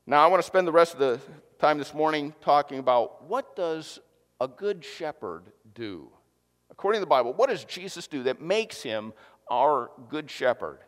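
A man's voice: on the high side, normal speed. A man preaching with a slightly raised voice, mixing jokes and earnest warnings as he talks to his congregation. His words ring out with a long hall reverb, as in a church sanctuary. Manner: joking, lively preaching with audience asides. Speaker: pastor. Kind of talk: sermon.

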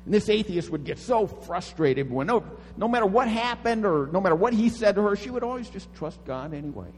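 A pastor preaching a sermon dramatically, swinging from hushed tones to booming calls. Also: male voice, big pitch swings, fairly quick, long reverb tail. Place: church sanctuary.

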